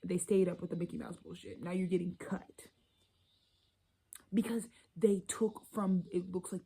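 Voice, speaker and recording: A woman's voice: lowish voice, fairly even intonation, normal speed, mellow, slightly rough, low-quality recording. A woman giving a casual tarot reading, blunt and profane, rambling and sometimes dropping into a whisper. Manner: drops into whispers. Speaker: tarot reader.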